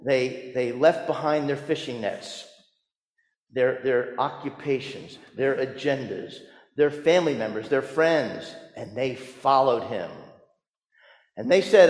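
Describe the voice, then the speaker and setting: A man preaching a sermon as pastor, telling stories with humor, rising to emphatic points and dropping soft. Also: mid-range voice, slow. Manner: storytelling with humor, emphatic rises and soft drops. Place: church sanctuary. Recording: roomy church with long reverb.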